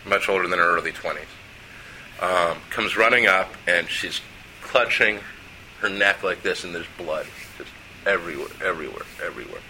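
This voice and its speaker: A middle-aged man, a writer, telling a personal story in a lively way and acting out the people in it. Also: lowish voice, a little hiss or hum, poor audio.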